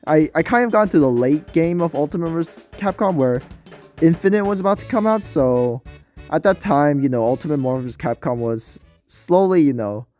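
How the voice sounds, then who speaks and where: A man's voice: a little high, animated, normal speed, a little mellow, faint music behind. Nasal young man rambling about games. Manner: rambling, hesitant, many fillers and restarts. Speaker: gaming video creator. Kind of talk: casual gameplay commentary.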